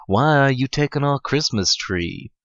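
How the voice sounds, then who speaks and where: A man putting on the high, whiny voice of a tiny innocent girl in a dull, dry lo-fi recording. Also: lively intonation, measured pace, a bit bright, dry recording. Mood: pleading. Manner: high, whiny, repeating questions.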